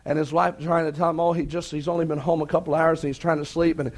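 A man's voice: a little high, little pitch movement, fast. A man preaching a sermon, telling a long anecdote in a folksy way and acting out the quoted dialogue. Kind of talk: sermon storytelling.

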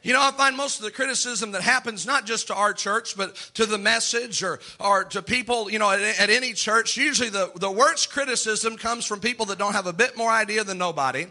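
A man preaching in a church with a very high, very bright voice. He delivers his sermon with rising fervor and acts out the people he quotes. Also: fairly quick, few pauses. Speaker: pastor.

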